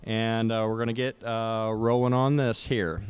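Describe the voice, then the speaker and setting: A man hosting a live broadcast debate, talking in a relaxed, loose way with many uh fillers. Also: lowish voice, a little slow, smooth. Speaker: host. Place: winery event space.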